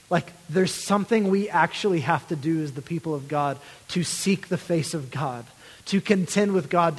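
A man's voice: a little high, moderate pace. A man preaching a sermon as a pastor, earnest and building to pleading intensity before dropping to near-whispers. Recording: long hall reverb.

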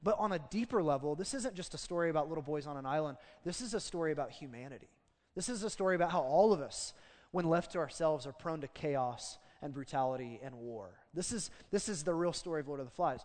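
Conversational pastor in a reverberant hall. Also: male voice, fairly high pitch. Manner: conversational, animated storytelling. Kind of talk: sermon. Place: church.

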